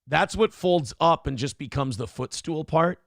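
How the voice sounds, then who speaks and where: Brief: male morning-show co-host, gravelly and fairly high-voiced, swearing and joking through casual banter. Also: measured pace, no room sound, studio quality. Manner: profane, joking, animated riffing.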